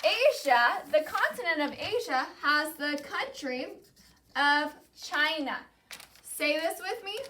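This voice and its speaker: A woman teaching a class, saying each vocabulary word slowly and having the students repeat it back. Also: sits high, lively intonation, bright, forceful tone, a little hiss or hum. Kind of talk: classroom lesson, call-and-response vocabulary drill.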